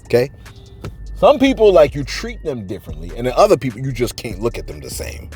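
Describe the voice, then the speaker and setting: Guy doing celeb gossip, super animated, voice jumps all over, jokes around, faint music behind. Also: mid-range voice, brisk. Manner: animated, jokey, talks straight to viewers, acts out quotes. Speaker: celebrity gossip show host. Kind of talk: joking commentary on celebrity news.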